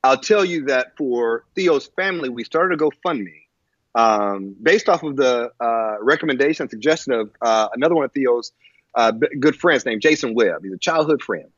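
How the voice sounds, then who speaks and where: Guy with a husky voice telling a personal story, lots of ums and restarts, pitch jumps all over, muffled dry sound. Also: expressive, a bit bright, dry recording. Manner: halting, with many fillers and restarts. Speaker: guest. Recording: muffled lo-fi audio.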